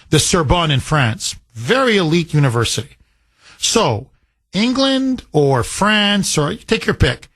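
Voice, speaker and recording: A man's voice: fairly high pitch, a bit bright, no echo. A man hosting a talk radio show, speaking emphatically and building heat as he argues.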